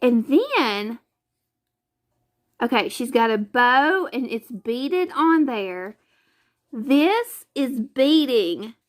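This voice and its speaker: A woman's voice: sits high, very animated, extremely slow, pauses often. A woman, chatting casually in a craft vlog, gushing and exclaiming often. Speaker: craft vlogger. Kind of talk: casual chat.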